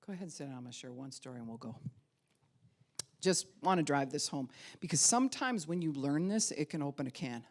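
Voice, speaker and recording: A middle-aged woman pastor preaching in a storytelling style, animated and acting out voices she remembers. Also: deep voice, a little fast. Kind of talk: storytelling sermon.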